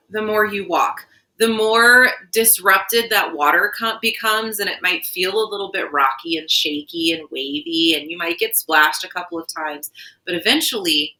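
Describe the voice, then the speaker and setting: A woman co-hosts a podcast, her medium-pitched voice sharp as she talks earnestly in a casual spiritual chat. She tells a vivid story, and the recording quality is low.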